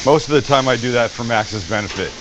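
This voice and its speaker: A man's voice: mid-range voice, fast talker, background noise. A man hosting a cooking show, demonstrating a recipe in an upbeat, joking way and swearing freely.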